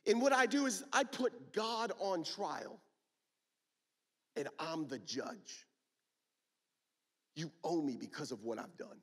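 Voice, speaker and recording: Animated male preacher. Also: fairly high pitch, takes it slowly, pauses often, slightly rough. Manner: emphatic, rhetorical questions to the crowd. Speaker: youth conference speaker. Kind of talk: sermon.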